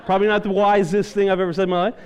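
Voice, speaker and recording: A male pastor with a fairly high voice tells a long personal story in a sermon. He is animated and pokes fun at himself as he goes. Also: rapid-fire, clean tone. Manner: animated, self-deprecating storyteller.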